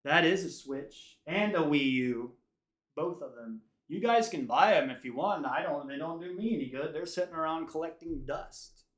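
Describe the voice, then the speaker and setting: A man's voice: fairly high pitch, animated, normal speed, fairly bright tone. An American man streaming, chatting casually with his viewers and drifting from one tangent to the next. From United States. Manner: rambling, tangent-prone. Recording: roomy echo.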